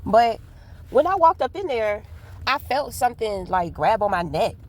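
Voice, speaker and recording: A woman's voice: on the high side, big pitch swings, moderate pace. A woman chatting casually while driving, telling a rambling, candid story full of profanity. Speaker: vlogger. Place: inside a car. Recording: car noise in background.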